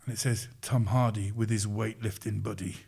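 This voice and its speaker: A man's voice: on the low side, moderate pace, creaky, breathy edge. A middle-aged man, a sports coach, telling a story as a podcast guest in a casual way, acting out the quoted lines with chuckles. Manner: lively retelling, acts out quoted lines, chuckles.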